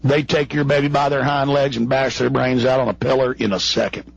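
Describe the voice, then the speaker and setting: A man hosting a radio show, ranting angrily in a growl that builds to shouts. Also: medium pitch, little pitch movement, fairly quick, vocal fry, dull audio. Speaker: radio talk show host. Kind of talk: angry on-air rant.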